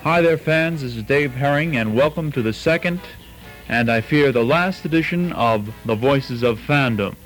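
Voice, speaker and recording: A man's voice: medium pitch, normal speed, fairly bright tone. A man in the middle of his range, hosting a home-made tape fanzine with plain, earnest announcements. Faint music sits under his voice. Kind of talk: casual taped introduction.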